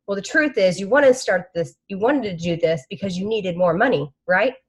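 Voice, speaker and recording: A woman's voice: mid-range voice, brisk, husky. A woman who shares an emotional, rambling conference recap on a video call. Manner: emotional, rambling, with many fillers. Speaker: team member sharing a conference recap.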